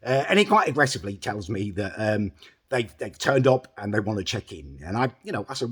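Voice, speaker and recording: A man's voice: lowish voice, sing-song, fairly quick, fairly bright tone, breathy edge. A man telling an exasperated, sweary comic story to camera in a self-important way. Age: adult, older than mid-twenties. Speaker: storytelling host.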